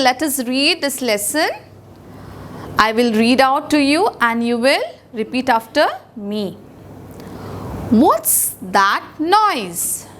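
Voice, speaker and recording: Woman primary teacher, Indian English accent, high voice, very slow and deliberate, spells words aloud for small children. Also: a little hiss or hum. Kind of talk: recorded English lesson for young children.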